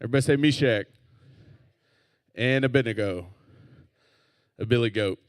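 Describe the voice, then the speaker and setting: A man, a youth pastor, teaching a Bible story to teenagers in a relaxed, conversational way and getting them to repeat words back. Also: medium pitch, moderate pace, no room sound. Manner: casual, leads call-and-response with the group. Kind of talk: youth group Bible lesson.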